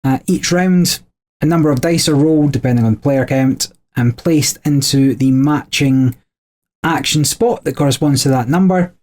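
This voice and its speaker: A man's voice: medium pitch, normal speed, darkish tone. A man co-hosting a podcast, explaining board game rules in a chatty way with frequent small laughs. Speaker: podcast co-host.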